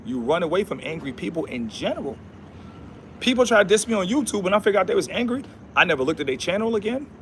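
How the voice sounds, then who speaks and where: A man's voice: high-pitched, very animated, fast, slight background noise. A man hosting a casual livestream, talking in a preachy, repetitive way with slangy speech and Bible verses. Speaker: livestream host.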